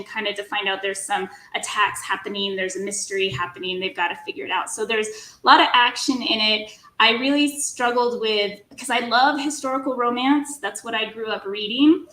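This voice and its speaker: A woman's voice: medium pitch, sharp tone, roomy sound, rough recording. A woman guest author chatting casually in an interview, giggly and self-deprecating.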